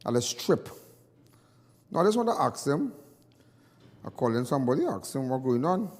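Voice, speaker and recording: A man's voice: medium pitch, sing-song, moderate pace, a little mellow, in a large hall. A Trinidadian man calling in to a talk show, ranting with passion and repeating his points indignantly. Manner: impassioned, repetitive, indignant. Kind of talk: call-in talk radio rant.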